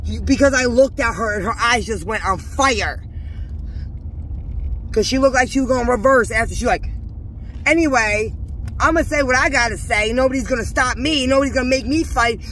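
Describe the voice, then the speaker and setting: A woman's voice: high voice, a bit bright, slight background noise. A woman vlogger intensely recounting a church confrontation to her viewers, agitated and preachy, calling them y'all. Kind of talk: emotional first-person recounting to viewers.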